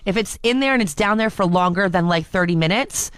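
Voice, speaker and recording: A woman's voice: mid-range voice, brisk, smooth, no echo, clean studio sound. A young woman co-hosting a casual podcast, telling a story with frequent laughs and restarts. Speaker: co-host. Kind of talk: casual chat.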